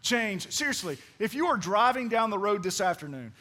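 A man preaching a sermon in a drawl, his voice sitting high for a man. He keeps turning to the congregation, calling for answers and acting out the people in his stories. The delivery is lively and theatrical. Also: moderate pace. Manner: preaching with call-and-response to the congregation; dramatic, acts out quoted voices. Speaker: pastor.

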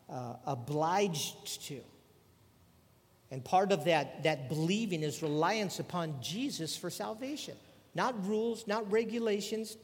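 An older man preaches to a gathered group, talking easily and throwing out rhetorical questions. His voice sits a little high for a man. A long reverb trails after his words in the hall. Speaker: pastor. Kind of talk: sermon.

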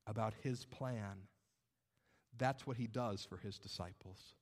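A man's voice: mid-range voice, a bit bright. A male pastor preaching a sermon, dynamic and conversational, acting out doubters' voices along the way.

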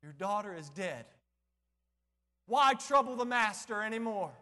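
A man's voice: high voice, expressive, measured pace, bright, forceful tone, in a large hall, heavily acted. A man preacher voicing a blunt male messenger who brings bad news, speaking in a raised, urgent, dismissive way.

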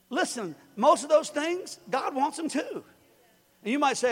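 A man preaching a sermon as pastor, plain-spoken and joking, building to shouts. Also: very high voice, big pitch swings, moderate pace, soft background music. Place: large church hall. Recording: live church recording with long reverb.

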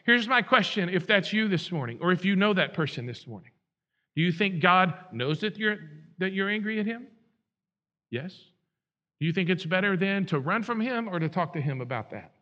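A man's voice: high voice, animated, normal speed, sharp tone, dull audio. A male pastor preaching a sermon, earnest and pleading, repeating phrases and restarting his sentences.

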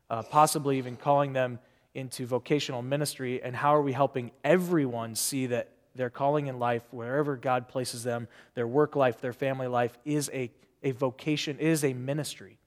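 A man's voice: mid-range voice, in a large hall. A man giving a sermon as pastor, talking in a loose conversational way full of fillers and restarts.

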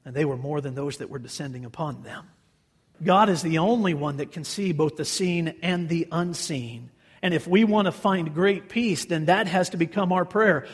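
A man delivers a sermon as pastor, his slightly raised voice carrying a husky edge. He tells the story with animation and gives the quoted people voices of their own. A long reverb trails behind him, as in a large hall. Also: on the high side, normal speed.

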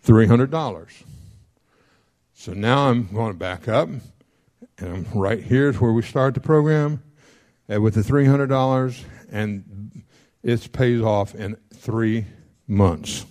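A man teaching a class on paying off debt, folksy and joking, checking in often with his listeners and rattling off figures quickly. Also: lowish voice, darkish tone. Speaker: financial counselor teaching a class. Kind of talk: classroom lecture on debt repayment.

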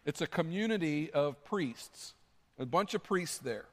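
A man's voice: fairly high pitch, measured pace. A man preaching a sermon as pastor, telling stories animatedly and acting out quotes. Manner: animated storytelling with acted-out quotes. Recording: long hall reverb.

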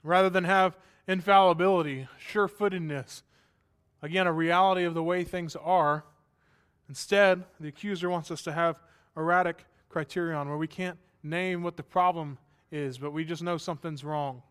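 A man's voice: fairly high pitch, fairly even intonation, moderate pace, fairly bright tone, smooth. A man preaching a sermon as pastor, earnest and building to emphatic passages, with dry asides.

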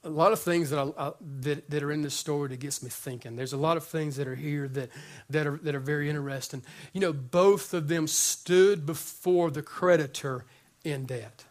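A man's voice: a little high, normal speed. A man preaching a sermon to his congregation in a conversational, joking way, often repeating words as he builds up. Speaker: pastor.

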